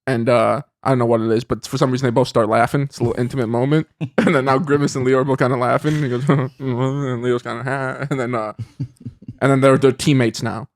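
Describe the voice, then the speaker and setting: A man on a comedy podcast, improvising an absurd story in a rambling, animated way with frequent laughs. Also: medium pitch, fast talker, dry recording. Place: podcast studio.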